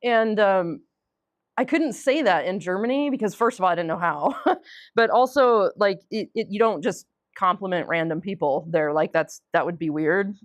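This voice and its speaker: Woman podcast co-host, chatty storyteller, dry close mic, quick to laugh. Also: mid-range voice, dry recording. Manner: chatty storyteller, animated quoted voices, frequent laughs. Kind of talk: casual chat.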